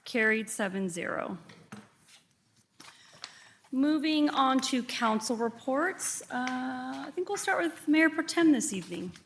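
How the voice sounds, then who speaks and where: A woman chairing a city council meeting, calling for comments and votes in brisk, formal procedural phrasing. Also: sits high, animated, a little hiss or hum.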